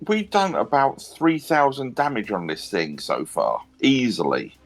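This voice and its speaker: A man chatting loosely at a tabletop game, rambling and mimicking others with quick voices. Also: mid-range voice, huge pitch swings, faint music behind. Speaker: dungeon master. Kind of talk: casual chat at a tabletop game.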